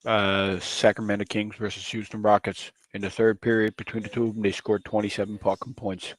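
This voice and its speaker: A man's voice: fairly low pitch, little pitch movement, brisk. A laid-back man chatting tersely on a headset during a betting stream, swearing now and then. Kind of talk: casual chat while betting on fights.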